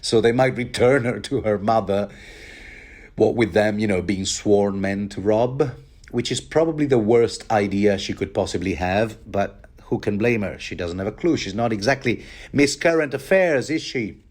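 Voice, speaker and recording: A man's voice: on the low side, moderate pace, darkish tone. A man giving a rambling, casual book commentary, wry and chatty with many asides.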